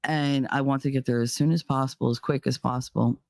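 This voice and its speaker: A young adult woman hosting a podcast, telling a story with heavy profanity, her voice climbing into yelling in the tense parts. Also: extremely low pitch, steady tone, brisk, no echo, studio quality. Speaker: podcast host. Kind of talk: storytelling monologue.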